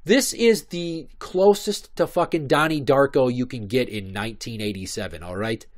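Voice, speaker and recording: A man's voice: mid-range voice, normal speed. Profane man in his thirties ranting. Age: 30s. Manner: profane, rambling storytelling. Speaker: podcast host. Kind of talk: casual comic monologue.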